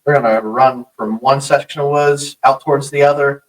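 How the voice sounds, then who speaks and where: A man hosting a podcast in casual chat, speaking in a halting way with many restarts. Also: mid-range voice, steady tone, recorded from a distance, rough recording.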